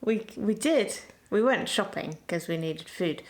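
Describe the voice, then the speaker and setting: A woman co-hosting an easygoing chat show, her voice swooping lively up and down as she teases and giggles. Her pitch sits mid-range, and she is quick with a joke. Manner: teasing, giggly, quick with jokes. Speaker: co-host. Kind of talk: casual chat.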